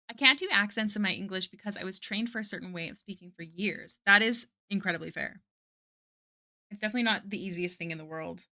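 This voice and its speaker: Woman, live art streamer. Bright, chatty, casual, talks to chat while working. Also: medium pitch, fairly quick, pauses often. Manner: chatty, answers chat, many "like" fillers.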